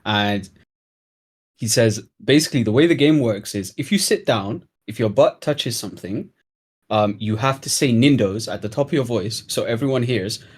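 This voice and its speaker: A young man in relaxed conversation, spinning a long story from his school days. His pitch sits in an ordinary middle range, and he punches key moments with sudden loud bursts. The flow is loose and chatty. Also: normal speed, slightly rough. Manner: animated storyteller, swings loud for emphasis. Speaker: guest storyteller. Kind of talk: casual chat, telling a school story.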